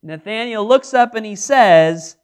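A man's voice: high-pitched, moderate pace. A man preaching a Bible study sermon, reading verses aloud and acting out the dialogue in them. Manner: animated, acts out scripture dialogue.

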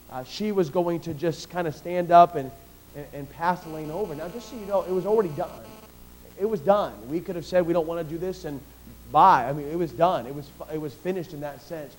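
A middle-aged man preaching a sermon, swinging between loud, emphatic declarations and quiet, personal storytelling, often repeating and restarting phrases. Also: sits high, poor audio.

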